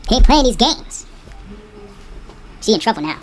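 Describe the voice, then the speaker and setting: A woman's voice: on the high side, sing-song, moderate pace, long pauses, a little hiss or hum. A woman reading a novel aloud and breaking off into casual, slangy, joking commentary between passages. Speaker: reaction channel host reading a novel aloud.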